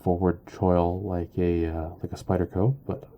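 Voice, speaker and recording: A man giving a casual product review, halting and full of ums and uhs. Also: low-pitched, level tone, muffled recording, slight background noise. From Canada. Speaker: knife reviewer.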